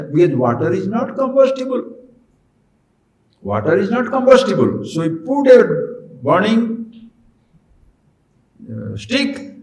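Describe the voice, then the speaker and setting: Male spiritual teacher, slightly high voice, echoey room, animated questioning delivery. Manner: animated, rhetorical questions to listeners. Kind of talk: spiritual discourse.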